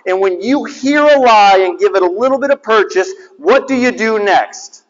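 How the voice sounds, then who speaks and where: A middle-aged man, a chaplain, preaching a conversational sermon that swings between lively emphasis and hushed asides. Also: high-pitched, moderate pace. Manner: animated, conversational preaching with sudden drops to a hushed voice. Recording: dull, slightly lo-fi sound with long hall reverb.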